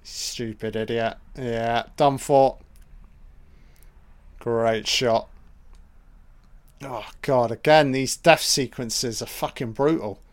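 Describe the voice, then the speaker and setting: A man's voice: mid-range voice, steady tone, takes it slowly, pauses often. A man giving a casual, crude running commentary on a film, swearing and reacting aloud.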